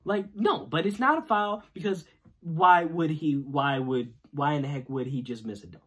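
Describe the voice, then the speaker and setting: A man hosting a sports video channel, ranting in a casual, irritated way after a loss, jumping between loud outbursts and low muttering. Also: moderate pace, slightly rough. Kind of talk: casual post-game rant.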